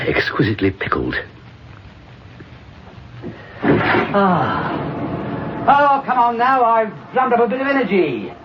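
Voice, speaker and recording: An actor playing a drunk, bitter, washed-up middle-aged comedian in a stage monologue, rambling and sardonic, swinging from mutters to outbursts. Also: male voice, high voice, noisy background, full character voice. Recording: dull lo-fi recording.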